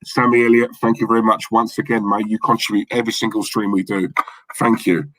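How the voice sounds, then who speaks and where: Brisk and fairly low-voiced, this fan channel co-host chats with his audience during a live stream of a football match. He shouts out viewers in the chat with thanks and gets worked up over what happens on the pitch.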